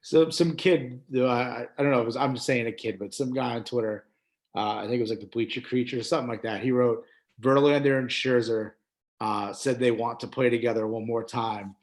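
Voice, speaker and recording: A man in an easygoing sports chat who rambles, scattering fillers as he tells stories. His voice sits at an ordinary middle pitch. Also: steady tone, brisk. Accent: New Jersey. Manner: rambling, full of fillers like "like" and "uh", laughs easily. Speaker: podcast co-host.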